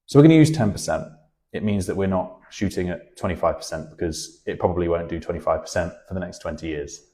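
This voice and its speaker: A man's voice: sits low, fast, warm tone. A British man, a personal finance educator, explaining money over on-screen charts and walking through the figures step by step.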